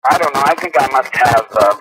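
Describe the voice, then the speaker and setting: A middle-aged actor speaking in a measured, articulate way with frequent pauses, heard over a noisy phone line on an old radio broadcast. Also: male voice, mid-range voice. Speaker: actor guest. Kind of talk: phone interview. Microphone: telephone.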